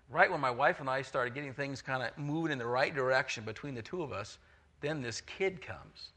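A middle-aged man preaching a sermon, telling a story with lively acted-out voices. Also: medium pitch. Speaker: pastor.

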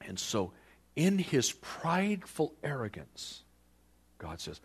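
A man preaching a sermon, retelling a scripture story with animated storytelling and questions put to the listeners. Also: medium pitch, slow, husky. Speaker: pastor.

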